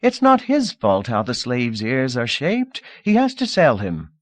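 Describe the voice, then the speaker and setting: A man's voice: mid-range voice, huge pitch swings, unhurried, dry recording, pitched above the performer's own voice. A man voicing an idle, dismissive noblewoman among the seated lords and ladies. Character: idle noblewoman, lightly amused.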